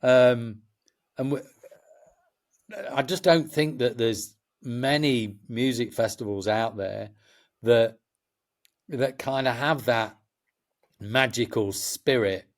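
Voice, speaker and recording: A middle-aged Englishman talks as a guest on a chat show. His voice sits at an ordinary pitch, and he speaks passionately. He rambles and restarts his sentences again and again. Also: takes it slowly, pauses often. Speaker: festival promoter, guest. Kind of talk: casual chat.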